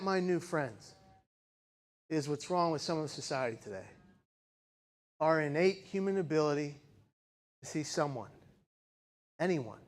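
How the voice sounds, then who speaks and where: A man giving a speech to a live audience, telling a personal story dramatically. He swings from raised intensity to hushed, slow emphasis and asks the audience rhetorical questions. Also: a little high. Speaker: keynote speaker.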